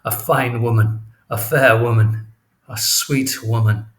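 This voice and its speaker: A man's voice: mid-range voice, fairly even intonation, slow, fairly bright tone. A man reading the lines of an anguished, jealous male general in an audiobook, drawing out his impassioned words.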